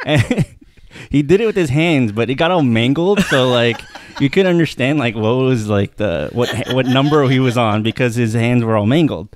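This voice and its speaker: A man co-hosting a podcast, setting up a clip in relaxed casual chat. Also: mid-range voice, moderate pace. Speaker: podcast co-host.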